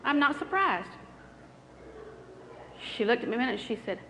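A woman's voice: on the high side, sing-song, moderate pace, noisy background. A middle-aged woman preaching a healing sermon, telling a story in a repetitive, anecdotal way before moving into prayer. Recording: hall reverb with faint music.

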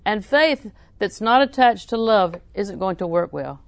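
A woman delivers a sermon in a mid-pitched voice recorded with a dry, close sound. She tells folksy stories, laughs often, and drives points home by repeating scripture lines. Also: lively intonation, a little slow, dry recording. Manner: folksy storytelling with frequent laughs; emphatic repetition of scripture. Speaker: preacher.

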